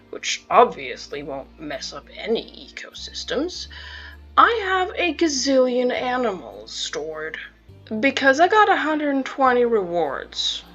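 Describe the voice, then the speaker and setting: A woman's voice: a little high, a bit bright. A woman casually commenting as she plays a zoo-building game, wry and self-mocking, chatting to the animals on screen. The sound is dull and lo-fi. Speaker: gameplay video host. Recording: dull lo-fi sound with faint music.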